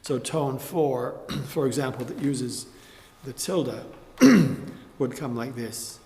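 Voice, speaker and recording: Slow-spoken man in a reverberant room. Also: mid-range voice, warm tone. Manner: measured, stops to sing demonstration phrases. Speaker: chant teacher. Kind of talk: spoken tutorial with sung psalm examples. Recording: roomy space with long reverb.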